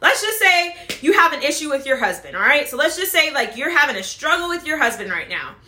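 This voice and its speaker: Chatty high-voiced woman giving mom advice. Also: sing-song, brisk, sharp tone, reverberant, slight background noise. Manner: chatty, repeats "right?" and "blah, blah, blah"; acts out quoted voices. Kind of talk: casual advice talk to camera.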